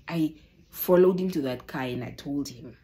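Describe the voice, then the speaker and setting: A young woman telling a personal story to the camera, animated and exasperated, often calling out to her viewers. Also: low-pitched, moderate pace. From Namibia. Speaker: vlogger. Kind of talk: casual storytime.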